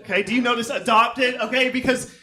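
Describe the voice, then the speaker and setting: A man's voice: very high-pitched, steady tone, fairly quick, pushed and bright. A man doing a stand-up comedy set on a theater stage, rambling and self-deprecating with many fillers, recorded live with a crowd laughing. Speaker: stand-up comic. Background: audience laughter.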